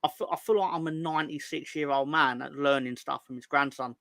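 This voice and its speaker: This man's voice is a little high and fairly even, slightly fast, creaky and bright, with a forceful tone and no echo. Hosting a football fan show on a casual livestream chat, he reads viewer comments in silly voices, jokes and rambles, stumbling and restarting.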